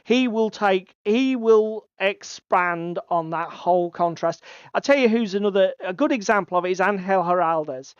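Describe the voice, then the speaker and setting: On his casual hobby podcast, a man co-hosts with a chatty, swear-heavy style. His voice sits high and clean, moving at a moderate pace with few pauses. The lo-fi audio lacks room sound and is slightly dull.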